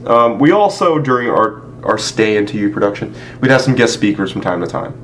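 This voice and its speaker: A man's voice: lowish voice, expressive, a little fast, a bit bright, a little hiss or hum. A man hosting a casual podcast, telling stories in a joking way with laughs. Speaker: podcast host. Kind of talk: casual chat.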